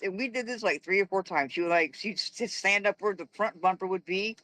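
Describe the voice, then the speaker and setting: A man's voice: sits high, fairly quick, bright, forceful tone. A man in casual chat, telling rambling stories and laughing often.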